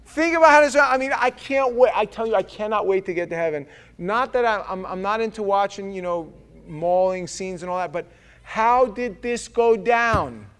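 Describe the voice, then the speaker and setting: A man's voice: high voice, moderate pace, a bit bright, smooth. A man preaching a sermon, joking and acting out the scripture with voices. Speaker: pastor.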